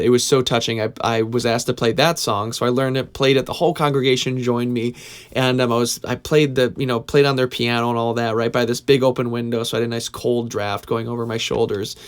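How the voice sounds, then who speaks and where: A man's voice: mid-range voice, fairly even intonation, quick pace, clean tone. A man, a singer-songwriter, telling a casual story to camera in his home studio, rambling with lots of fillers. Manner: rambling, filler-heavy, chuckling.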